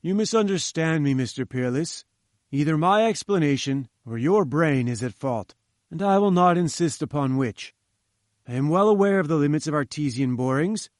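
A man's voice: a little high, no room sound, studio quality, lightly acted. A man voicing an imperious, scornful older male scientist who talks in curt commands, in an audiobook reading.

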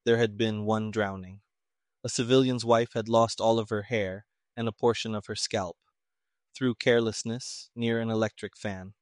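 A man's voice: lowish voice, no echo. Man narrating an audiobook, dry.

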